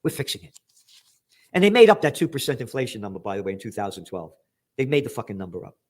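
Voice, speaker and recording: A man's voice: lowish voice, big pitch swings, rapid-fire. Angry profane news commentator, a man. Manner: profane, angry, shouts for emphasis. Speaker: trends commentator.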